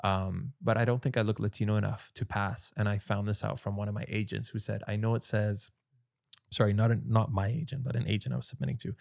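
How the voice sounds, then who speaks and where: A man being interviewed as an actor guest, chatting in a relaxed way and telling stories with some swearing. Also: fairly low pitch, fast, gravelly, no room sound, clean studio sound. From Canada. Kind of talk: casual podcast interview.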